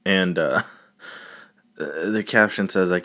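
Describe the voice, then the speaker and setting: Male podcast host, deep voice, slow casual delivery, crude jokes, laughs a lot. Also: a bit bright. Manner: crude, joking, laughs often. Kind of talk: casual solo podcast talk.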